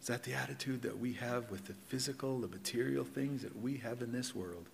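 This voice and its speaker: A middle-aged man preaching a sermon in a conversational way, asking the congregation questions and swinging between loud and hushed. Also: medium pitch, brisk, gravelly, long reverb tail, slight background noise. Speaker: pastor. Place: church hall.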